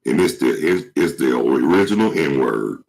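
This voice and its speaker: A man with a cold and a hoarse throat, rambling casually to his viewers in slangy, swear-filled talk. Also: extremely low pitch, lively intonation, unhurried, darkish tone, rough recording. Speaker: vlog host.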